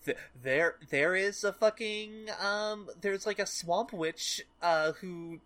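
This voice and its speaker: A woman's voice: mid-range voice, slow, fairly bright tone. A woman co-hosting a podcast, chatting casually about books in a rambling, profane, stop-and-start way. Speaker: podcast co-host. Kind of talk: casual book-club chat.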